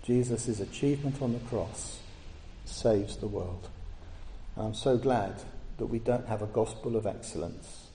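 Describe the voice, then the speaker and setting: A man's voice: fairly low pitch, unhurried, warm tone, slight background noise. A man preaching a sermon in a church, earnest and emphatic, lifting his voice on key words. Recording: echoey church hall.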